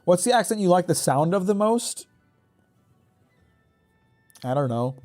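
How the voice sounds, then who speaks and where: Midwestern male streamer, loose foul-mouthed chatter to viewers, a touch higher voice, faint game music behind. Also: big pitch swings, measured pace, mellow. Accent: Midwestern American. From Oregon, raised in Michigan. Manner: casual, rambling, swears freely. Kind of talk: live gameplay commentary chatting with viewers.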